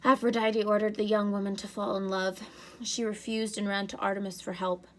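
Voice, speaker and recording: A woman voicing a smooth, scornful teenage boy villain in a storybook reading, with a mocking, persuasive manner. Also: medium pitch, level tone, a little fast, lightly acted. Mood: taunting.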